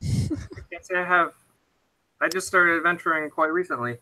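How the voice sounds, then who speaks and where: High, bright, stammering man. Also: moderate pace, rough recording. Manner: earnest, stammering. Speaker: player. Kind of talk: in-character tabletop play.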